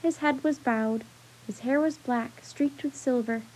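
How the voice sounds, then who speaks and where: A woman reading a children's chapter book aloud as storyteller, in a steady, gentle way. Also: high-pitched, unhurried, a little hiss or hum, poor audio.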